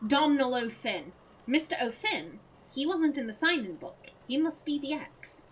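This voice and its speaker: A woman hosting a let's play, chatting excitably and rambling as she plays. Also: high voice, unhurried, slight background noise, poor audio. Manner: excitable, rambling, self-interrupting. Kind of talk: casual gaming commentary and reading aloud.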